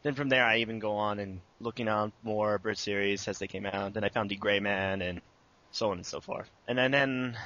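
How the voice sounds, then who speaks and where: A man's voice: on the low side, bright, forceful tone, muffled recording. A young man answering interview questions about making his abridged series, casual and rambling with many fillers.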